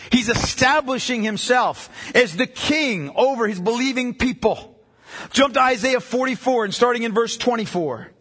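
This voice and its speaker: A man preaching a sermon as pastor, emphatic, slowing down to read scripture passages aloud in a church. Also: extremely high pitch, fairly bright tone, husky. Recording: long hall reverb.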